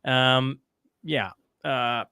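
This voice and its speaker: A man's voice: mid-range voice, drawn-out words, creaky, sharp tone, smooth, no room sound, studio quality. A man hosting a casual livestream, rambling as he reads the chat and tries to bring in guests. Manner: rambling, talks to chat and guests, frequent restarts. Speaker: livestream host.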